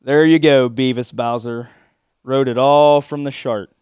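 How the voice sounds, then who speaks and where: A man's voice: mid-range voice, fairly even intonation, measured pace, a little mellow, clean tone, dry recording. Crude, mocking male podcast host. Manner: crass, mocking, rambling with sung comic verse. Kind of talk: crude comedic podcast monologue.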